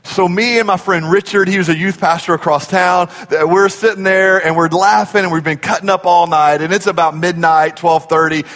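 A man preaching a sermon in a church, telling stories in an animated way and acting out the voices in them. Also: high-pitched, normal speed, few pauses. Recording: long hall reverb.

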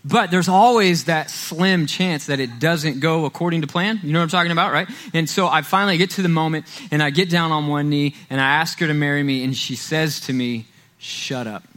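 Man, pastor, storytelling sermon, casual asides, higher pitch. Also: fairly quick, hardly any pauses, fairly bright tone. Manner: conversational storytelling, frequent "right?" asides.

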